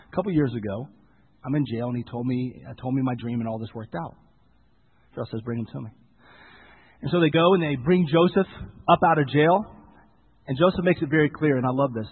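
A man preaching a sermon, retelling a Bible story with lively storytelling and acted-out lines for the characters. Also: on the high side, slightly rough, big-room sound. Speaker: pastor. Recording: tinny phone-like sound.

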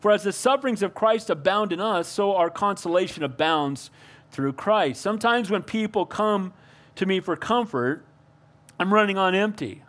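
A man's voice: sits high, a bit bright. An older man preaching a sermon as pastor, earnest and calling out to the congregation for amens.

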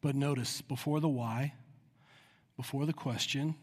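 A man's voice: mid-range voice, fairly even intonation, unhurried, darkish tone. A man preaching a sermon with earnest emphasis, acting out prayers in a raised voice. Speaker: pastor. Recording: long hall reverb.

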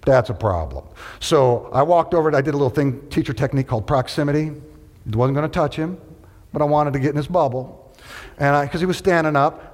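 A middle-aged man preaching a storytelling sermon, acting out the people in his story as he goes. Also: mid-range voice. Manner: animated, acts out every quote. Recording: long reverb of a large hall.

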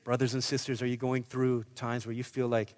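A male pastor preaching a sermon, swinging between loud urgent bursts and hushed, quiet stretches. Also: medium pitch, little pitch movement, brisk, in a large hall.

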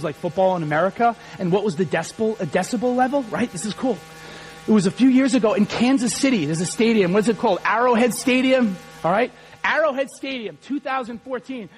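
A man preaching a sermon as pastor, animated and rising to shouts. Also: high voice, low-quality recording.

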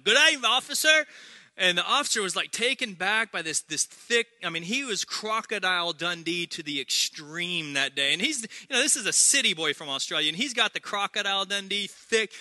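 High, bright-voiced pastor preaching. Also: male voice, no echo. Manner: energetic, humorous preaching with repeated phrases. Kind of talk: sermon.

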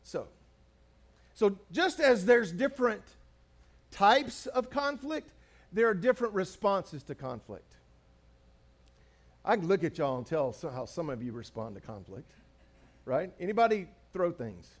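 Pastor, male, high-set voice, chatty humorous preaching with repeated lines. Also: sing-song, unhurried, pauses often. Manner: conversational preaching, humorous asides, repeats phrases for emphasis. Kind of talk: sermon.

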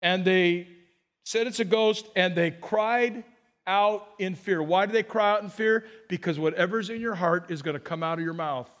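A man preaching a sermon as pastor, animated and joking, often restarting his words. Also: sits high, normal speed.

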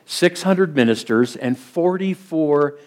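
A man's voice: a little high, expressive, takes it slowly, a little mellow. A man, a district superintendent, opening as guest preacher with upbeat greetings to the congregation. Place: church sanctuary.

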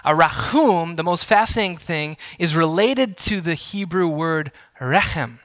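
A man's voice: a little high, expressive, a little slow, fairly bright tone, no echo. A man preaching a sermon as a pastor, teaching playfully and asking the congregation to repeat words and join in. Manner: engaging teacher, asks congregation to respond; playful self-deprecating asides.

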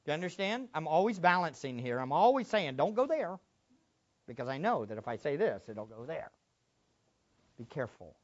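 Preacher, quiet to loud. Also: male voice, fairly high pitch, very animated, moderate pace, highs cut off. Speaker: pastor. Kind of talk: sermon.

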